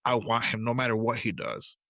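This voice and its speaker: A man's voice: medium pitch, fairly quick, dry recording, clean studio sound. A middle-aged man co-hosting a podcast, telling family stories in a casual chat and acting out the dialogue. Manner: animated, acts out quoted dialogue. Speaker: podcast co-host.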